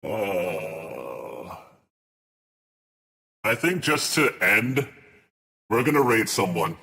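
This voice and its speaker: A man's voice: medium pitch, expressive, measured pace, pushed and bright. A man chatting casually on a live stream, ranting in exasperation and swearing as he reads his chat aloud.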